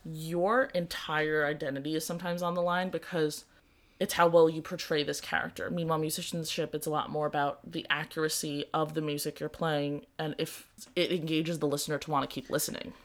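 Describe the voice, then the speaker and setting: A woman's voice: low voice, level tone, a little fast. A young adult woman hosting a casual podcast, telling earnest stories and laughing easily. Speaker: podcast host and music teacher.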